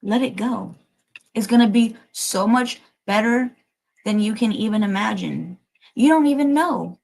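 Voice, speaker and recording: A woman's voice: fairly high pitch, measured pace, vocal fry, darkish tone, poor audio. A woman giving a livestreamed collective tarot reading, emotional and emphatic, urging listeners on and swearing casually. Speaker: tarot reader.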